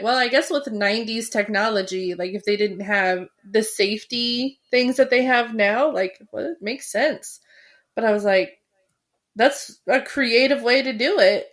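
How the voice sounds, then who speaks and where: A woman's voice: mid-range voice, a bit bright. A woman co-hosting a podcast, casually recapping a horror film in a chatty way with many fillers. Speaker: podcast co-host.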